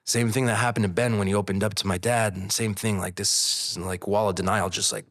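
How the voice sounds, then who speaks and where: Low-voiced man telling a candid story. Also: brisk. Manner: candid, animated retelling with voiced quotes. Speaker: guest. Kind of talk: casual storytelling.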